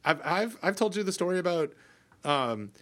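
A man's voice: high-pitched, lively intonation, moderate pace, a bit bright. A middle-aged Canadian man co-hosting a podcast in casual chat, rambling with many restarts and fillers. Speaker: podcast co-host.

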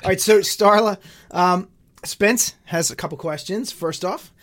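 A man's voice: sits high, unhurried, a bit bright. A man co-hosting a casual interview, asking the guest questions and chiming in with playful remarks. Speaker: podcast co-host.

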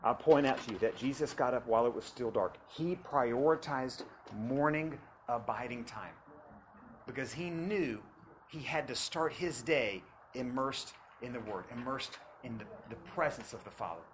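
A man preaching a sermon to students, swinging from loud preaching to hushed asides and repeating phrases for emphasis. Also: mid-range voice, lively intonation, normal speed, slight background noise, rough recording.

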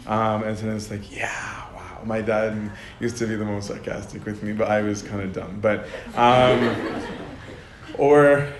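Here a man gives a laid-back, conversational lecture full of fillers and frequent mid-sentence laughter. His pitch is fairly low, his intonation fairly even and his pace measured, and the room is echoey with a faint ambient hum.

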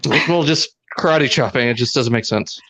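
A man co-hosting a podcast in casual chat, laid-back, chuckling, with halting starts. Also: medium pitch, fairly bright tone. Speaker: podcast co-host.

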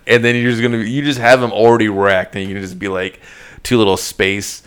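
A man's voice: on the low side, little pitch movement, a little fast, a bit bright, clean tone. A man in casual comedic chat, rambling and swearing as he acts out characters mid-story.

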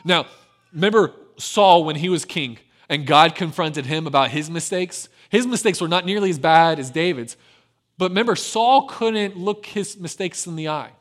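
A man preaching a sermon and retelling a scripture story, swinging between lively emphasis and hushed, low passages. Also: moderate pace. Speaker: pastor.

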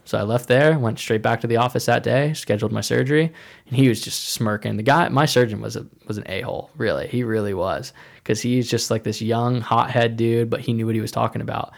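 A man's voice: mid-range voice, fairly even intonation, a little fast, vocal fry. A man telling a personal story in a loose, rambling way, filling his sentences with "like" and acting out what others said. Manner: rambling, heavy use of "like", acts out quoted dialogue.

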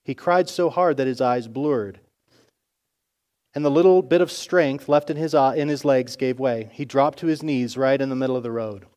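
A male pastor narrating a story in a sermon with expressive storytelling. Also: mid-range voice, normal speed.

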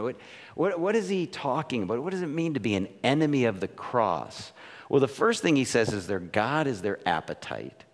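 Lively male pastor in a reverberant hall. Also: mid-range voice. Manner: casual, questioning, frequent "right?" asides. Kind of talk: conversational sermon.

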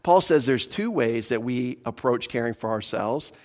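A male pastor preaching a sermon in a conversational way, asking his listeners questions and slowing down to stress scripture. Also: medium pitch, expressive. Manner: slows for emphasis on scripture.

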